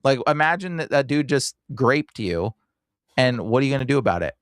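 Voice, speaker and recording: A man's voice: mid-range voice, expressive, fairly quick, clear, resonant tone, no echo, clean studio sound. Emphatic man ranting on a podcast. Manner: emphatic, ranting, repeats rhetorical questions. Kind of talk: casual podcast chat.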